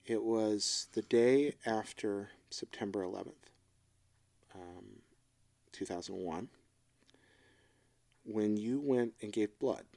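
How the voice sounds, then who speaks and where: Middle-aged male co-host; gravelly, slightly low; heartfelt, halting delivery. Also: dark tone. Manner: reflective, emotional, halting. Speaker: podcast co-host. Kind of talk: casual chat.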